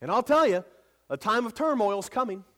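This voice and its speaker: A man's voice: high-pitched, expressive, fairly quick, fairly bright tone. A man in his thirties preaching a sermon, building to emphatic repeated lines and turning chatty with stumbles when telling family stories. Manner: repeats words when speaking casually. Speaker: pastor.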